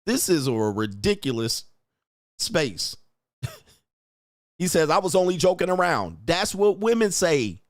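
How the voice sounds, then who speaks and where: This young streamer has a higher voice with big pitch swings, talking unhurriedly and pausing often while he rants at his chat with profanity, scorn and confrontation, laughing frequently. Recorded in studio quality, no echo.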